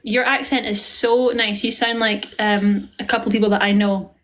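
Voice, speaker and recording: A Scottish woman chats with viewers on a livestream from her phone, gushing and effusive. She talks at a middling pitch in an easygoing stream of praise and small talk. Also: steady tone, normal speed, fairly bright tone, slight background noise. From Scotland. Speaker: livestream host. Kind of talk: casual livestream chat.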